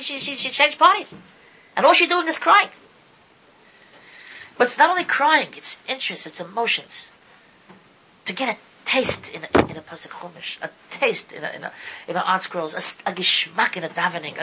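A man's voice: very high-pitched, bright, forceful tone, slightly rough, low-quality recording. A man giving an impassioned sermon, often stumbling over and repeating his words as he talks. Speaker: Torah speaker. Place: lives in Israel.

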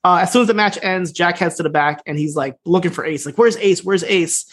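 A man's voice: fairly high pitch, fast talker, a bit bright. A man co-hosting a podcast, recapping an episode in casual chat, laughing often and acting out the characters' lines. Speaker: podcast co-host.

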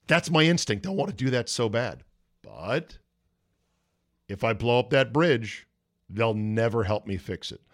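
A man's voice: mid-range voice, no room sound, clean studio sound. A man hosting a sports talk podcast, ranting in a casual, exasperated and profane way, acting out voices in his stories.

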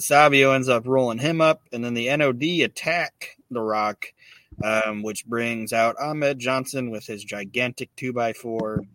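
A man's voice: mid-range voice, bright, forceful tone, no room sound. A man hosting a podcast, recapping in casual, profane talk with many fillers. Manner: profane, filler-heavy retelling. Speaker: podcast host.

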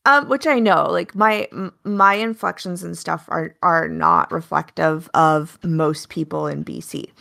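A talkative woman from Alaska with a Pacific Northwest American accent, chatting loosely on a podcast. Her voice carries a gravelly fry, and her delivery is a bit loud and staccato as she tells a story. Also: low-pitched, unhurried, hardly any pauses. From Alaska, United States. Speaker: podcast co-host. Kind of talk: casual chat.

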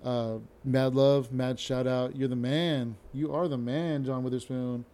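A man's voice: medium pitch, steady tone, measured pace, mellow. A young adult man hosting a podcast, telling a rambling, self-interrupting story with casual swearing. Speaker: podcast host.

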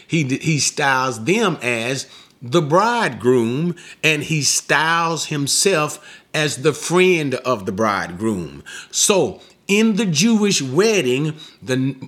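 Slow, lively-pitched male preacher. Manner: slow, deliberate teaching with emphatic rising questions. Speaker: pastor. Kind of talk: expository sermon.

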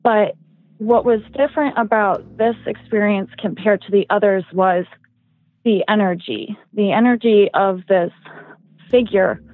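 A woman's voice: medium pitch, no room sound. A young woman telling a personal story as a podcast guest, rambling with lots of "like" and "um". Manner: rambling, heavy use of "like" and "um". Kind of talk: casual podcast chat. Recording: tinny phone-like dry sound.

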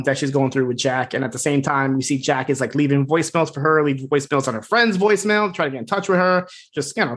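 A man's voice: on the high side, a bit bright. A man co-hosting a podcast, casually recapping a TV episode in a rambling, filler-heavy way and swearing freely. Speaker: podcast co-host.

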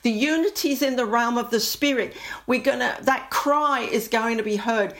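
A woman speaking in a fairly high voice, giving a heartfelt testimony about prayer. Her delivery is earnest and fervent and sometimes softens to a hushed, near-whispered tone when she is moved. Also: normal speed. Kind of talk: impassioned Christian testimony.

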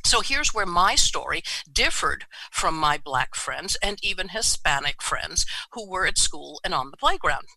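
A man's voice: high voice, big pitch swings, a little slow, creaky, few pauses, pushed and bright, no echo, poor audio. A man in his seventies from New York City, telling his life story in a reflective way and often checking in with "right?". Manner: reflective, often adds "right?" tag questions. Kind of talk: personal storytelling talk.

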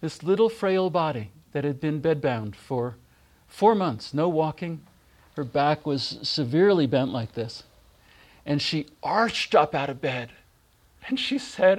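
Middle-aged guy telling stories about his mom, gentle and heartfelt, slightly high voice, lots of soft pauses. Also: animated. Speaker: speaker giving a spiritual reflection. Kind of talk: personal remembrance talk.

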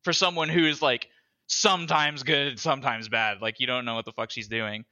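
A man on an online podcast call, talking casually about a video game, excitable and swearing, often building up into shouting. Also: medium pitch, moderate pace, dull audio. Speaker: podcast co-host.

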